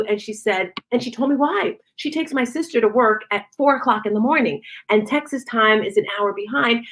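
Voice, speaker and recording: A middle-aged woman giving a casual motivational talk, expressive and chatty, acting out conversations as she goes. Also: fairly high pitch, moderate pace, few pauses. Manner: expressive, acts out quoted conversations. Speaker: motivational speaker and fitness studio owner.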